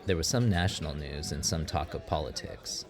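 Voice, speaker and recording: A man reading a scripted story as narrator, in a steady, measured way. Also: extremely low pitch. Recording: audible background noise.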